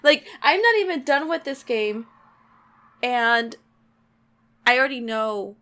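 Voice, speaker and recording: A woman's voice: a little high, lively intonation, slow pace, fairly bright tone. A young woman hosting a gaming video, chatting casually and reading the game text aloud in a bubbly way.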